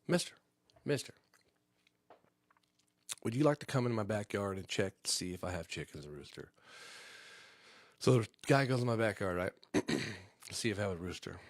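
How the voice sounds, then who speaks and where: A man hosting a comedy podcast live stream from home, telling a rambling, profane story in a casual, animated way. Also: lowish voice, moderate pace, long pauses, no echo. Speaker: podcast host.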